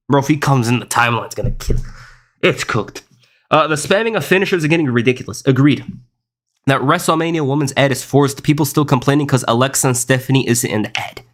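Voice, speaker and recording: A young man streams live, talking fast in a medium-pitched, fairly bright voice. He reads chat aloud and riffs on it in a casual, rambling way, often saying "bro" and "listen."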